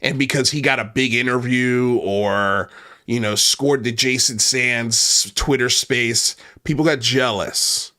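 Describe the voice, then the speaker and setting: A man with a mid-pitched voice delivers a heated commentary rant. He swears freely and sounds worked up, now and then tripping over the start of a line. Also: fairly even intonation, slow, sharp tone. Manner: angry, profane, ranting; repeats himself and restarts when worked up. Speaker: commentary channel host.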